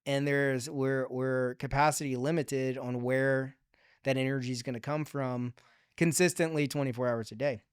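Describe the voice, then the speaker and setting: A man's voice: mid-range voice, fairly even intonation, moderate pace, smooth, no echo, studio quality. A man talking as a podcast guest in a casual interview, thinking aloud in long upbeat trains of thought with many fillers and restarts. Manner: upbeat and forward-looking. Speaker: podcast guest, digital strategy manager.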